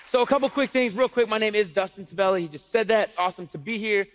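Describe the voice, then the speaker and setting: A man's voice: high voice, fast, some chatter behind. A man doing comedic stage patter as an illusionist in a church, chatty and joking. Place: large church hall on stage. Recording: long reverb of a church hall.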